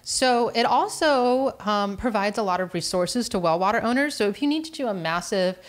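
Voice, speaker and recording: A woman talks through home inspection topics in a casual podcast chat. She explains things in a chatty way, backing up and restarting, at a medium pitch. It sounds like an easygoing co-hosted show. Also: animated, normal speed.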